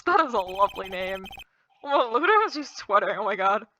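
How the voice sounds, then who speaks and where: A woman's voice: medium pitch, sing-song, fairly quick, pushed and bright, a little hiss or hum. A woman hosting a let's play, dropping playful asides between voiced dialogue. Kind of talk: casual game commentary with voice acting.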